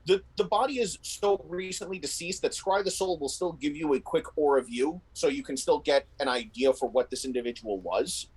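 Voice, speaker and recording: A man's voice: a little high, normal speed, few pauses, slightly rough, poor audio. A man narrating a tabletop role-playing game as game master, telling the scene in vivid detail. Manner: descriptive, animated storytelling with frequent restarts.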